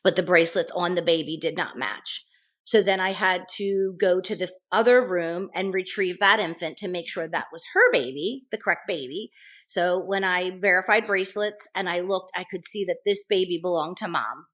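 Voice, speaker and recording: A woman's voice: fairly low pitch, moderate pace, a bit bright. A middle-aged woman, a nurse interviewed as a guest, telling her account in earnest detail with frequent restarts. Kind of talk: conversational interview storytelling.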